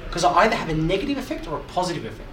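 A man preaches to a gathered group in a roomy hall, his voice pitched high and swinging widely as he drives each point home. He keeps repeating himself and tossing questions to the listeners, heard from some distance with noise in the background. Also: sing-song, rapid-fire, fairly bright tone. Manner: repetitive, emphatic, asks the audience questions. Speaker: preacher, youth speaker. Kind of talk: sermon to a live group. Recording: echoey hall, mic far off, audible noise.

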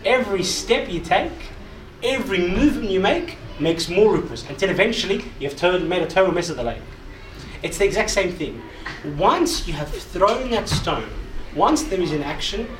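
Preaching to a live audience, a man with a high voice speaks emphatically, repeating points and asking the group questions. The youth sermon is picked up by a far-off microphone in an echoing hall, with noise audible.

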